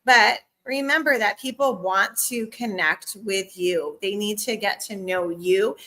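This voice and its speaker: A woman's voice: mid-range voice, a little slow, bright, forceful tone. A woman leading a live-streamed sales training at home, upbeat and chatty, with a cough and frequent laughs.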